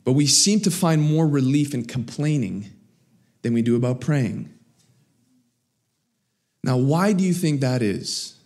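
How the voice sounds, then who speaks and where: A man preaching a sermon, swinging between raised, emphatic lines and low, quiet asides. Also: lively intonation, a little slow, pauses often. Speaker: pastor.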